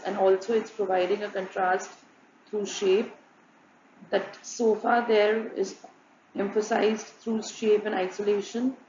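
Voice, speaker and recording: Woman flatly narrating a design presentation. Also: mid-range voice, a little hiss or hum. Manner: flat, repetitive listing of examples. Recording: muffled, echoey room with faint ambience.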